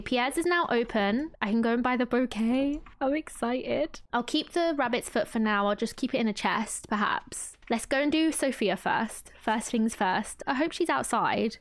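High, bubbly woman gaming streamer. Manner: excitable and gushing, with frequent gasps and laughs. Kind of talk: casual let's-play commentary.

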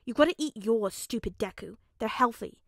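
A woman's voice: fairly high pitch, animated, moderate pace, creaky, dry recording, studio quality. A woman doing a grumpy, bossy little boy. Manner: blunt, grumbling, insult-prone. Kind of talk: fanfic audiobook reading.

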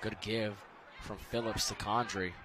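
A young man doing casual, jokey color commentary for a school soccer stream, rambling and getting excited. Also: fairly low pitch, a little slow, noisy background.

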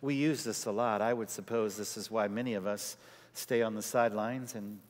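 A male pastor preaching a sermon, telling a personal story with lively quoted voices. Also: on the low side, moderate pace. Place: large church sanctuary. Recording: church hall reverb.

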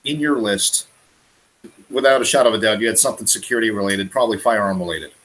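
A man's voice: lowish voice, fast talker, fairly bright tone, rough recording. Teasing man in casual banter. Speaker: podcast host. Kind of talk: casual chat.

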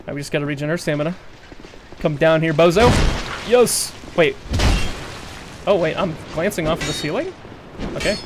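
A man's voice: fairly high pitch, moderate pace, pauses often, noisy background. A young man commenting live on his gameplay, yelping and pleading in danger and joking with sarcastic bravado. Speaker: streamer.

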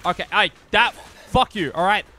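A young man streaming a video game, commenting with profane jokes and sudden yelling bursts. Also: high voice, moderate pace. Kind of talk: gameplay commentary. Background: faint game music.

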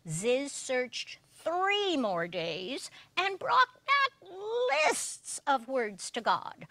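A woman reads a children's story aloud at a worship service, animated and expressive. Her voice is high and bright, with a very slow pace, and the sound is dry and close. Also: no echo.

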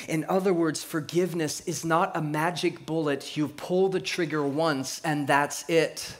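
Storytelling preacher, fairly high voice. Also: male voice, measured pace, few pauses. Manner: storytelling, with big swings between hushed and lively delivery; laughs at his own stories. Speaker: pastor. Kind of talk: sermon.

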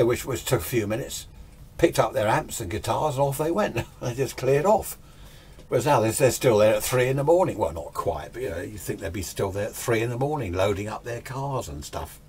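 A man's voice: medium pitch, darkish tone, breathy edge. An older man chatting casually and rambling with chuckling asides. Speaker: hobbyist video host. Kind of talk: casual chat.

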